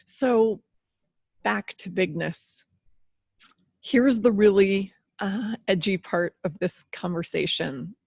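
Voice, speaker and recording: A woman's voice: medium pitch, takes it slowly, vocal fry, a little mellow, breathy edge, no echo, studio quality. A woman in her fifties hosting a solo podcast, talking candidly and with animation, laughing and swearing freely. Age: 50s. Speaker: podcast host.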